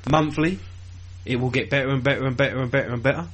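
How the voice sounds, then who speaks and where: A man's voice: medium pitch, fast talker, slightly rough. A man co-hosting a podcast in casual banter, swearing, laughing often and mumbling. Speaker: podcast co-host.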